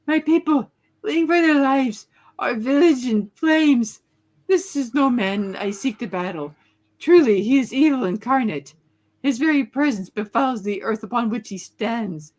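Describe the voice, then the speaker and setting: Grieving young prince read by a woman, solemn and measured. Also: fairly high pitch, lively intonation, a little mellow, pitched above the performer's own voice. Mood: grim. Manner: solemn, measured first-person narration. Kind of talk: dramatic comic narration read aloud.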